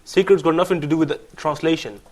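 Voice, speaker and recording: A man on a TV panel arguing against a point, challenging quickly and often restarting his words. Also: a little high, steady tone, darkish tone. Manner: rapid, challenging, stumbles over repeated words. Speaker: panel guest. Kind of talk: debate on a TV panel.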